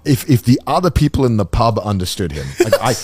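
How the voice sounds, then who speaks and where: A man's voice: mid-range voice, very animated, a little fast, a little mellow, husky, dry recording. A man in his thirties co-hosting a casual podcast chat, explaining things in a laid-back, hedging way with casual swearing. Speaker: podcast co-host.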